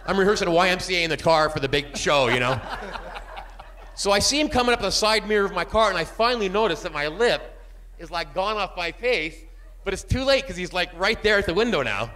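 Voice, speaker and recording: A man doing a stand-up comedy set, animated and jumping into shouted bits. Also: high voice, fairly quick, slight background noise.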